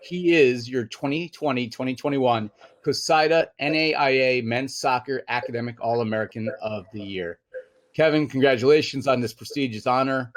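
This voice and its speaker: A man hosting a formal award interview, speaking with a polished, announcer-like delivery. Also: mid-range voice. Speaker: interviewer, university communications director.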